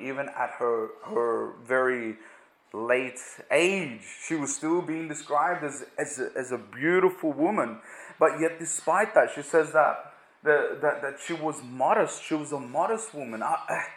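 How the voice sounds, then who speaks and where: Higher-voiced man preaching in an echoey room. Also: fairly bright tone. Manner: halting, repeats words, many "you know" fillers. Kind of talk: conversational Bible teaching.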